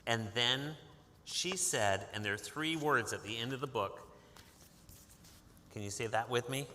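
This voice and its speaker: A man from Massachusetts, an author, reads a picture book to kids and draws them into call-and-response. His mid-range voice is pushed and bright, a little slow, with some hiss or hum and a long hall reverb.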